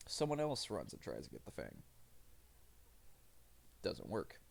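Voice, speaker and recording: A man's voice: low voice, huge pitch swings, measured pace, creaky. A man streaming live, rambling through profane, self-mocking commentary as he plays.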